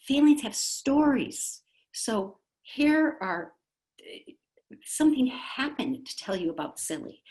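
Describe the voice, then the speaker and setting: A middle-aged woman, a speech pathologist, giving an upbeat, chatty conference talk to parents and educators and acting out little quotes. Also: lowish voice. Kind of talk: conference presentation. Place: school district virtual conference.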